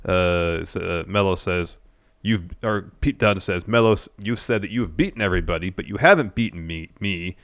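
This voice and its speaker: A man's voice: deep voice, moderate pace, a bit bright, no room sound, clean studio sound. A man co-hosting a casual podcast, steadily recapping events and reading out quotes. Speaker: co-host.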